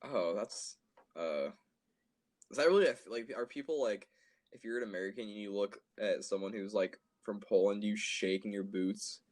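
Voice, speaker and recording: A man's voice: on the low side, normal speed, a little mellow. A teenage man co-hosting a casual comedy podcast, joking and riffing with a laugh. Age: late teens. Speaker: podcast co-host.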